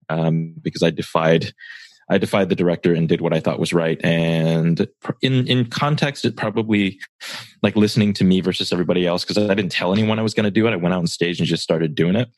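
A man's voice: sits low, no room sound. A man co-hosting a podcast, talking casually, laid-back and swearing as he tells stories. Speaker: podcast co-host. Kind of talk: casual chat.

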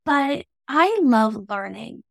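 Canadian woman, Canadian English accent, reflective and unhurried, higher pitch, dry sound. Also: animated, vocal fry, no echo. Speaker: interview guest. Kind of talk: reflective conversational interview.

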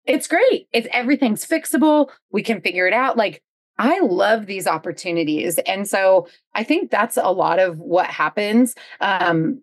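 A woman guest on a podcast, talking about parenting and business in an upbeat, reflective way with quick asides. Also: on the low side, no echo. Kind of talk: reflective conversational interview.

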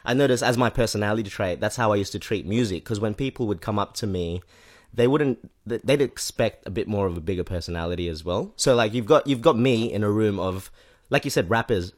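A man's voice: on the low side, fairly quick. A man talks casually on a podcast. He rambles, restarts his sentences and fills the gaps with "um" and "like". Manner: rambling, self-correcting, with lots of fillers. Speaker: podcast guest, rapper. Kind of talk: casual chat.

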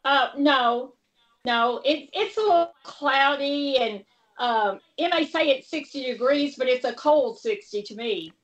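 A woman's voice: high-pitched, measured pace, muffled recording. A woman author chatting casually as a guest on a talk show, friendly and easygoing. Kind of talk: casual chat.

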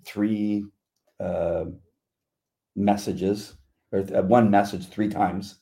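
A man's voice: on the low side, flat delivery, extremely slow, gravelly, warm tone. A middle-aged man co-hosting a devotional chat, talking in an earnest, reflective way. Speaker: co-host.

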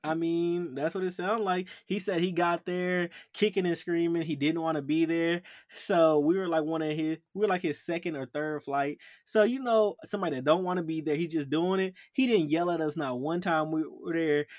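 A young man spins stories in a loose, slangy way, acting out the voices of people who yelled at him. His voice sits a little high. The recording is close and dry. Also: normal speed, few pauses, dry recording. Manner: animated, acts out yelled quotes, slangy. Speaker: podcast co-host. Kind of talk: casual storytelling chat.

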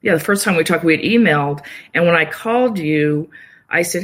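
Calm woman explaining mindfulness practice. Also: fairly low pitch, brisk. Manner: calm, explanatory, acts out little quoted inner voices. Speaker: yoga nidra practitioner and guest. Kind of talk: casual interview conversation.

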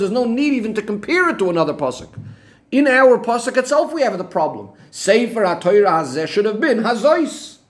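Guy a high voice teaching a torah text, keeps asking why and answering himself. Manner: questioning, methodical, rhetorical back-and-forth. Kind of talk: Talmudic-style text analysis lesson.

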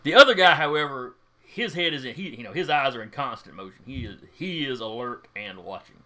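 A man's voice: mid-range voice, animated, fairly quick, pushed and bright. A man running a tabletop game as game master, describing the scene in a casual, folksy way.

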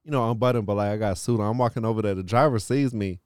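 A podcast host with a low, smooth voice talks very fast through a long, animated story, cursing a lot and leaning on "like". The recording is dry and studio quality.

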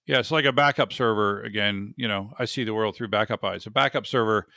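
A man's voice: lowish voice, fairly quick, creaky, pushed and bright, no echo, studio quality. A man hosting a podcast, chatty and self-deprecating, rambling a bit as he talks. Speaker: podcast host. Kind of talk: casual podcast interview.

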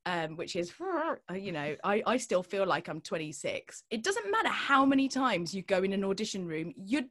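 A woman in her thirties, a singer and performer, telling animated stories as a podcast guest and acting out the people in them. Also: mid-range voice, moderate pace. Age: 30s. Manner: expressive storyteller, acts out quoted voices, laughs often. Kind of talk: animated anecdotal chat.

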